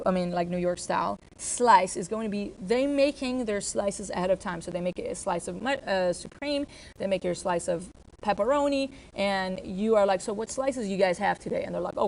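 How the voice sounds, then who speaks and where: A woman's voice: mid-range voice, gravelly, a little hiss or hum. Woman explaining restaurant procedures to staff. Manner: explanatory, with fillers and self-corrections. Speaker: restaurant trainer. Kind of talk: staff training talk.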